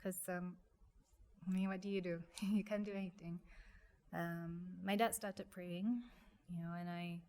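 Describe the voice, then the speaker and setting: A young woman, telling a personal story in an interview, speaking softly and haltingly with many restarts. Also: fairly low pitch, fairly even intonation. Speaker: guest.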